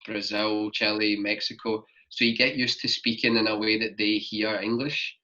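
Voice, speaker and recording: A man's voice: on the low side, level tone, moderate pace, pushed and bright. A young man from Scotland with a Glaswegian accent, a podcast guest telling travel stories in a rambling, casual way full of "like". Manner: rambling, fills talk with "like". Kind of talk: casual storytelling chat. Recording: dull lo-fi podcast recording.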